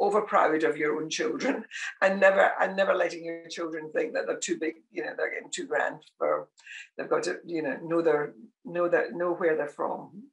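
A woman in her sixties from Scotland, telling family stories in a relaxed interview and laughing often. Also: lowish voice, gravelly, rough recording. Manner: warm storytelling, laughs often. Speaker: guest. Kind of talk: casual interview chat.

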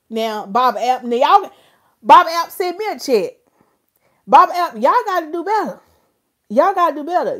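Playful woman on a livestream. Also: high voice. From North Carolina, USA. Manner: animated, playful, joking with viewers. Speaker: hairstylist and livestream host. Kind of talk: casual livestream chat.

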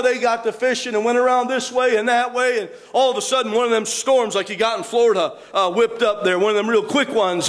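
A man's voice: extremely high pitch, a bit bright. A man preaching a sermon in a church, fervent and folksy, punctuating his lines with amens. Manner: folksy, plainspoken storytelling. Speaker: pastor.

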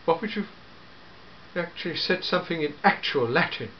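A man voicing an elderly, fussy, grandfatherly time-travelling gentleman in a fan audio drama, full of hmms and eh?s. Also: on the high side, expressive, moderate pace, muffled recording, a little hiss or hum, close to an everyday voice. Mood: fussy, chatty. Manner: fussy, hesitant, peppered with hmms and eh?s.

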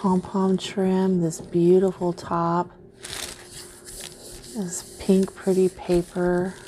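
A woman's voice: lowish voice, completely flat delivery, extremely slow, mellow, a little hiss or hum. A woman vlogger unboxing craft mail in casual chat, gushing and easily delighted.

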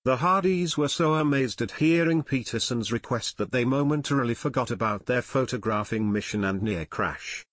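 A man narrating an adventure audiobook in a measured, even storytelling voice on a close mic. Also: mid-range voice, no room sound.

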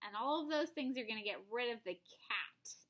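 A woman teacher reading a picture book aloud to children, pausing for gentle, musing asides. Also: fairly high pitch, animated. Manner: unhurried, musing asides to young listeners. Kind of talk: children's storybook read-aloud.

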